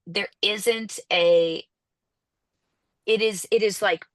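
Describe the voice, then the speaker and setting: A woman's voice: medium pitch, slow pace, dry recording. A young woman with an American accent, a musician guest chatting in an interview, acting out other people's lines in playful voices. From United States. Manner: animated, acts out quoted people in playful voices. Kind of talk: casual interview chat.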